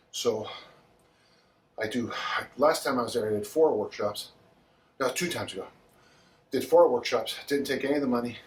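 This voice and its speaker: Strength coach guy rambling between swing sets, laughs a lot, sounds far off in an echoey room. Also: medium pitch. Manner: rambling and chatty, chuckling often, talking between sets of kettlebell swings. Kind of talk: casual livestream chat during a workout. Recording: roomy sound from a distant mic.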